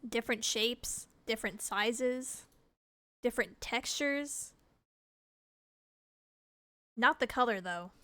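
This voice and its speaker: A woman's voice: a little high, slow pace, pauses often, pushed and bright, no room sound. A woman streamer reading a game's text aloud, laughing and reacting with disgust between lines.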